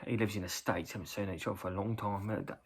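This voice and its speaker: A middle-aged man with an English accent spins a loose, rambling story, full of "uh"s, and he breaks into loud acted quotes. His voice has a gravelly, husky edge to it. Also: on the low side, steady tone, rapid-fire. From England. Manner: rambling anecdote with many fillers, jumping into loud acted quotes. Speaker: vlogger reacting to a video. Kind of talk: casual storytelling.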